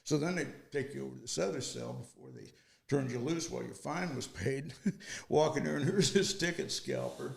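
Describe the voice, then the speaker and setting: Gravelly, lively older man storyteller. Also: medium pitch, moderate pace. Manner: rambling anecdotes, quotes others in dialogue. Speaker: guest, storytelling father. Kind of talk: casual storytelling.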